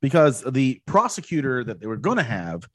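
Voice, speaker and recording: A man's voice: medium pitch, sing-song, moderate pace, a bit bright, slight background noise. A young man in casual podcast banter, rambling and sarcastic with frequent restarts. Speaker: podcast co-host.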